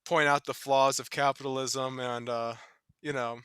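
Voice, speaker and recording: Young man, bright crisp voice, dry sound, wry rambling podcast guest. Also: mid-range voice, flat delivery, moderate pace, dry recording. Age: young adult. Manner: wry, rambling, laughs often. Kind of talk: casual chat among friends.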